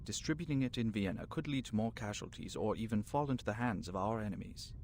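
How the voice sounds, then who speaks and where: A man's voice: lowish voice, fast, darkish tone, a little hiss or hum, close to an everyday voice. A man voicing a stern male foundation official, speaking formally and with reproach.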